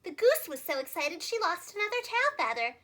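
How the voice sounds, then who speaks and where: Storyteller for kids: young female teacher, very bright high voice, lively ups and downs. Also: fairly quick. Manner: warm, expressive read-aloud delivery. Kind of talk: children's storybook read-aloud.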